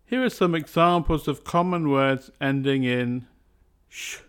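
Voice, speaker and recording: A man teaching a scripted pronunciation lesson, speaking in slow, carefully spaced words. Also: a little high, fairly bright tone, smooth.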